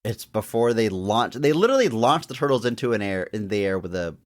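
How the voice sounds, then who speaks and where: A man's voice: lowish voice, sing-song, brisk. A man co-hosting a podcast, chatting casually about an old comedy film and laughing often. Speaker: podcast co-host. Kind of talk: casual movie discussion.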